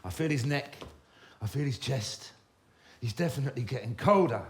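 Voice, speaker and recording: A man, telling comic stories about his own life in a wry, swearing, animated manner. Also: medium pitch, normal speed, slight background noise. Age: 50s. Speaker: storyteller. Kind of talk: comic autobiographical storytelling.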